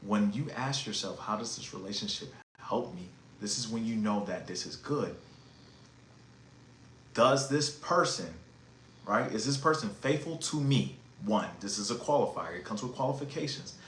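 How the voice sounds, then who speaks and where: A man's voice: fairly low pitch, moderate pace, slight background noise. Guy ranting on his podcast, slangy and preachy, kinda echoey room. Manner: emphatic, animated, slangy and preachy. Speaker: podcast host. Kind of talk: casual monologue on relationships. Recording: echoey room with faint ambience.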